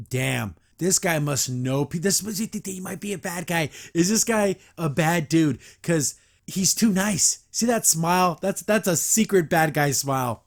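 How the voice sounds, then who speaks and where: A man hosting a podcast, reviewing a cartoon episode in a rambling, animated way, acting out the characters as he retells it. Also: a little high. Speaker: podcast host.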